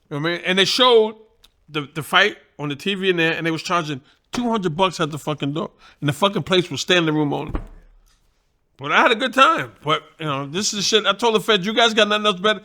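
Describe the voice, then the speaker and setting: High, bright-voiced New York man. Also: fast talker. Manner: profane, animated, laughing. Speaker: guest, boxing trainer. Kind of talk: casual storytelling.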